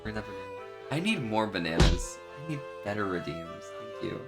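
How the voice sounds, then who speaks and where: Very deep-voiced woman streamer. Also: sing-song, brisk. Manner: joking, self-deprecating. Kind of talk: casual gameplay commentary. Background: game music.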